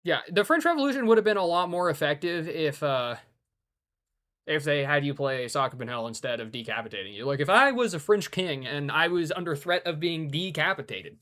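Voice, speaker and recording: A man's voice: fairly high pitch, animated, a little fast, bright, forceful tone. Exasperated man streaming a game. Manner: exasperated, rambling, joking. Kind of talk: casual live-stream commentary.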